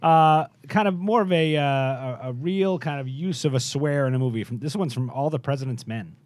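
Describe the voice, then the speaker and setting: A man co-hosting a casual podcast, who tells things in a relaxed way with frequent "uh"s. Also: medium pitch, normal speed, slight background noise. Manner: relaxed storyteller, often says "uh". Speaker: podcast co-host.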